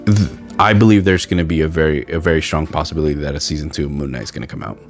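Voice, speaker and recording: Deep-voiced man chatting casually. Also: racing, faint music behind. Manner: rambling, conversational, with fillers and restarts. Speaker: podcast host. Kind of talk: casual podcast chat.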